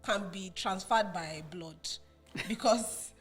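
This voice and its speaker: Young woman from nigeria hosting her podcast, mid-pitched voice, laughs a lot, faint music behind. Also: slow pace. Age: young adult. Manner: warm, laughs often, restarts her sentences. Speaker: podcast host. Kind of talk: podcast interview.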